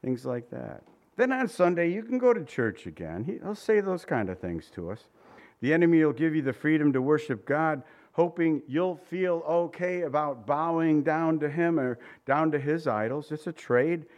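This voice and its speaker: A man preaching a sermon, retelling old scripture passages in a relaxed, joking way with voiced asides. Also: fairly high pitch, normal speed. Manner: reads old-fashioned scripture passages aloud.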